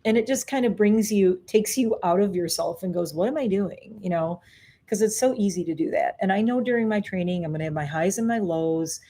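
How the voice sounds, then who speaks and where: A woman's voice: medium pitch, fairly quick, warm tone. A middle-aged woman vlogger chatting casually on a live stream, telling stories in a rambling, self-correcting way. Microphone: webcam or phone on a live stream.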